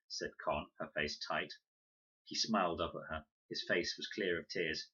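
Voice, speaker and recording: Man reading a children's novel aloud; deep voice, bright edge, lively and expressive. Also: moderate pace, husky. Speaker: storybook reader. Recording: dull lo-fi recording.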